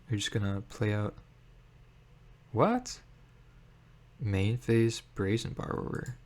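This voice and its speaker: A man giving casual commentary on his own card game, thinking aloud with many pauses and fillers. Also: on the low side, darkish tone. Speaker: gameplay streamer.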